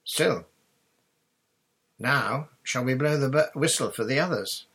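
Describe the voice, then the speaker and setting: A man's voice: mid-range voice, takes it slowly, vocal fry, fairly bright tone, husky, pitched above the performer's own voice, full character voice. A man voicing a confident boy who captains a small sailing boat in a storybook reading, giving assured instructions. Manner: assured and commanding.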